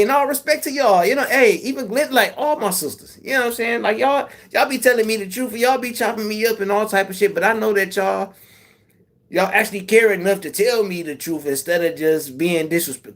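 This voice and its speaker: A man's voice: high-pitched, vocal fry. A man hosting a casual livestream, talking to his viewers in a laid-back way, swearing and laughing often. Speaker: YouTube livestream host.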